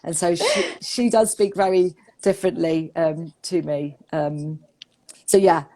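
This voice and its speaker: A woman with a southern English accent talks in a relaxed live-stream chat as an English teacher. Her delivery is lively and expressive, with frequent laughter. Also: on the low side, unhurried. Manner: chatty, expressive, laughs often. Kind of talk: casual live-stream conversation.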